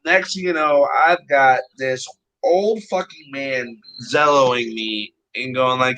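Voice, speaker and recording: Swearing, storytelling man with a bright voice. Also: mid-range voice, slow pace, clear, resonant tone, rough recording. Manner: blunt, heavy swearing, rambling anecdotes. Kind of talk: casual profane chat, storytelling.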